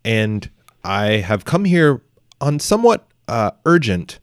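A man playing a fed-up adventurer, slow and halting. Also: medium pitch, sing-song, dry recording, clean studio sound. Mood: polite. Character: exasperated male adventurer fed up with wrong name.

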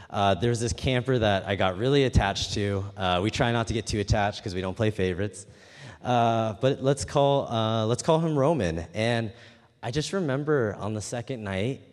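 A man's voice: lowish voice, darkish tone. Earnest man preaching in a reverberant hall. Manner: earnest, storytelling, emphatic. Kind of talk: sermon with personal story.

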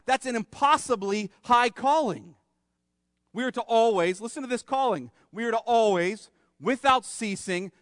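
A man's voice: sits high, no room sound, studio quality, in a large hall. A man preaching a sermon as pastor, emphatic, asking rhetorical questions and acting out little scenes. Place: church sanctuary.

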